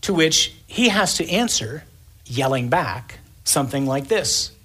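A man delivering an evening sermon in a husky, breathy voice. He talks with drama, stacking emphatic lists and acting out the scene for his listeners. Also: a little high, expressive, unhurried, sharp tone. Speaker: preacher.

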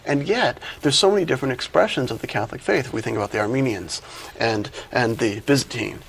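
A man, a priest, explains doctrine methodically, listing examples one after another. His voice is somewhat husky. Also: mid-range voice, rough recording. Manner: measured, lists examples. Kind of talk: explanatory discussion.

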